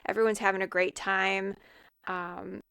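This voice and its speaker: A woman's voice: medium pitch, flat delivery, unhurried, creaky, sharp tone, clean tone, no room sound, studio quality. A woman co-hosting a podcast, casually recapping a film's plot scene by scene with frequent ums and fillers. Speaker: podcast co-host. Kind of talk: casual film recap chat.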